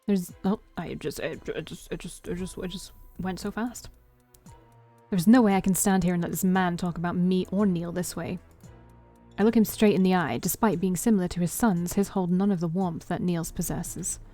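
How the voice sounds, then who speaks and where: Woman streamer, low mellow voice, expressive story-game narration with slips. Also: moderate pace, soft background music. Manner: expressive first-person narration with self-corrections. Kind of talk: reading a story game aloud.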